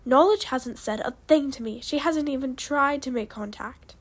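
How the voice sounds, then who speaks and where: A woman's voice: high-pitched, moderate pace, husky. Tired, fed-up male dragon, sighing, read by a woman in her own voice. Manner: sighing, exasperated. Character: weary stubborn male dragon.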